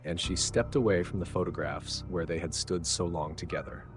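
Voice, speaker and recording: A man narrating an audiobook in a measured manner, dropping low for the dialogue tags. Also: over music. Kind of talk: scripted narration.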